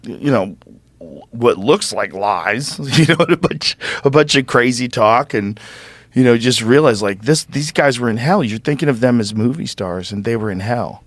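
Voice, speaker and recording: A man hosting a podcast in casual chat, animated and swearing, with excited bursts. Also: medium pitch, normal speed, dry recording. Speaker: podcast host.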